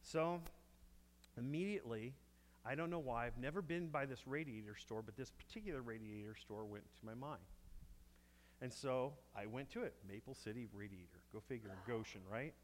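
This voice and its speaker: A man's voice: mid-range voice, normal speed, a little hiss or hum. A man preaching, telling a story and acting out each person's lines. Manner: animated storyteller acting out dialogue. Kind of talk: sermon storytelling. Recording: echoey hall with long reverb.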